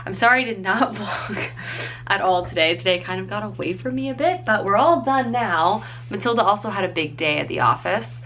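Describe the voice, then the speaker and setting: A woman's voice: medium pitch, animated, a little fast, a bit bright. Young female vlogger, casual and self-deprecating, talks at home into a handheld camera, faint hum behind. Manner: chatty and self-deprecating, with frequent fillers. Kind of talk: casual chat. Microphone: handheld vlog camera.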